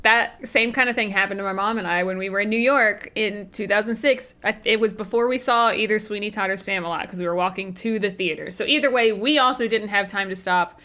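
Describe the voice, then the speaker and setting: A woman's voice: medium pitch, fairly quick, few pauses, sharp tone. A woman co-hosting a podcast in casual chat, laughing often between phrases. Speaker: podcast co-host.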